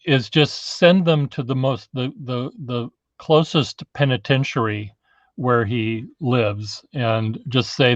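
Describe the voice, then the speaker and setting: A man hosting a podcast in casual chat, playful and relaxed, repeating words as he thinks aloud. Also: mid-range voice, slow, no room sound, lo-fi sound. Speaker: podcast host reading listener questions.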